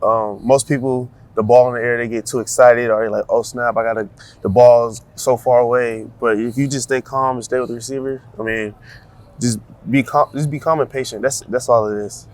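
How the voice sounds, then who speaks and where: A young man, a college football player, answering interview questions in a soft-spoken, halting way with many fillers and restarts. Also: mid-range voice, fairly even intonation. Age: young adult. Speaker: college football cornerback guest.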